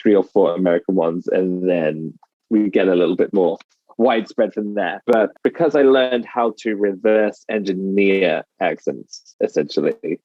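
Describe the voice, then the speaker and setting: A man with a Midlands English accent speaks in a low, steady voice, laying out his ideas in a measured way. His audio is dry and a bit muffled, with no room echo around it. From England. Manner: measured, explanatory. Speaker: dialect coach. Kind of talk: podcast interview.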